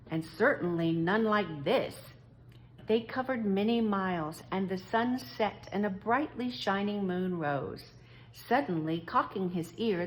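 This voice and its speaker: A woman reading a children's story aloud, slowly and expressively. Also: mid-range voice. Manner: slow, expressive read-aloud.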